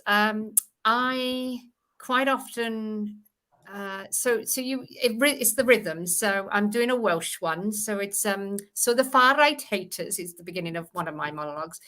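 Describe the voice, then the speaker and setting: A woman with a bright, forceful voice explains her accent work on a relaxed stream and demonstrates as she goes. Her pitch is middling, and she often stops on fillers to find her words. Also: a little slow. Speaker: actress and voice performer. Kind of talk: casual group chat on a live stream.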